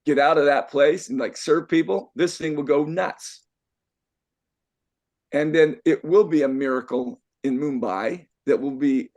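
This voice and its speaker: A slightly high, darkish voice comes from an older life coach addressing a live group in an event room. His motivational talk is emphatic, full of repetition and rhetorical questions.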